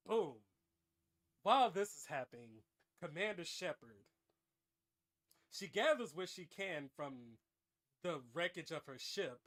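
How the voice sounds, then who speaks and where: Animated man spinning a comic tale. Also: a little high, measured pace, long pauses. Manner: animated, breaks into laughter, dramatic narration. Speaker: host. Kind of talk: improvised comic storytelling.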